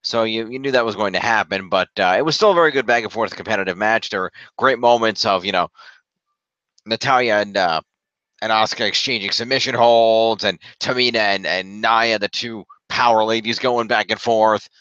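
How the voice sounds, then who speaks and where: A man recaps a wrestling show in casual podcast chat. His voice is bright and forward. The recording is dry and a little dull. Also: fairly low pitch, fairly quick, clear, resonant tone, dry recording. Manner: recaps results, fillers and restarts. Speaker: podcast co-host.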